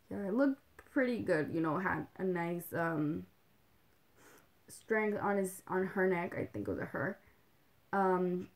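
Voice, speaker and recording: Her voice is mid-range with a darkish tone as she chats casually on her livestream. She's a young woman who rambles, says "like" constantly, laughs softly, and now and then switches to a Spanish phrase.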